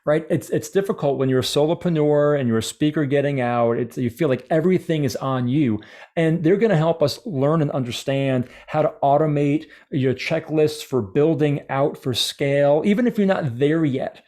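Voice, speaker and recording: A man, organizer of a speakers' training program, talking eagerly in a relaxed chat and often restarting his sentences. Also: fairly high pitch, normal speed. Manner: eager, many restarts and fillers. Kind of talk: casual video-call chat.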